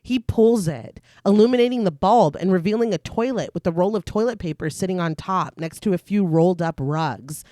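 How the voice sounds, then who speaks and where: A woman's voice: fairly low pitch, fairly quick, hardly any pauses, dark tone, dry recording, studio quality. A woman co-hosting a horror podcast, retelling the plot of a film in detail between her own casual comments. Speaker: podcast co-host. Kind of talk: casual chat and film recap narration.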